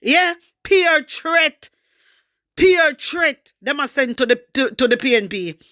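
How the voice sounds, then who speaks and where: A woman's voice: sits high, lively intonation, slow pace, sharp tone. A woman with a Jamaican accent giving fiery political commentary, slipping between Patois and English and throwing in repeated rhetorical questions. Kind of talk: opinionated commentary vlog.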